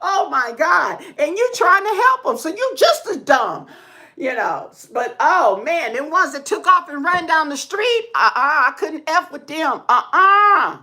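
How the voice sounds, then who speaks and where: A woman vlogger telling stories in casual chat to her viewers, animated, whooping and laughing often, checking in with "okay?" as she talks. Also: high voice, a little slow. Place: indoor room with pink walls.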